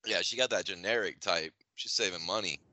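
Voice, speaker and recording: A man with a very deep voice that still has a sharp, bright edge. He trades quick, offhand remarks and laughs often. The recording is dry and close. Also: no echo. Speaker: podcast co-host. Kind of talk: casual crude chat.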